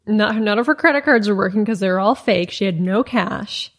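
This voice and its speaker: Woman podcast host, casual storyteller, animated, drops into quoted voices, filler-heavy. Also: mid-range voice, a little fast. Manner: animated retelling, acts out quoted dialogue, many "like" fillers.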